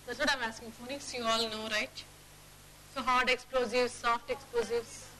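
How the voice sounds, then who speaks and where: A woman teacher leading a classroom phonics lesson, drilling words aloud and checking the class with quick questions. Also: a little high, flat delivery, bright, forceful tone, a little hiss or hum, low-quality recording.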